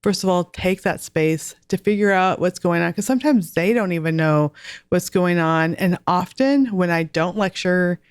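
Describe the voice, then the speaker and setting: A woman's voice: fairly low pitch, moderate pace, smooth, no room sound. A woman in her forties, a guest author and homeschool mom, chatting earnestly in a podcast interview with light laughs.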